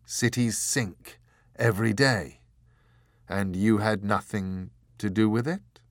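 A man's voice: lowish voice, slow pace, no room sound. A man playing a dry, wry nobleman. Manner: dry, ironic understatement. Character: sardonic nobleman, wry and mild-mannered.

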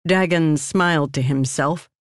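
A woman narrating a fantasy story in a measured, even way. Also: low-pitched, no room sound, clean studio sound.

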